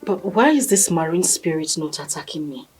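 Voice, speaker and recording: An actress playing a wife, questioning and worried. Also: female voice, fairly low pitch, lively intonation, normal speed, darkish tone, soft background music, lightly acted. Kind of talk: film drama acting.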